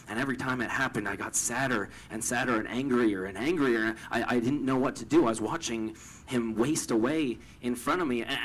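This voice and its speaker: A young man from Canada telling a personal story, stammering over repeated words and swinging from hushed to loud with emotion. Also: medium pitch, poor audio.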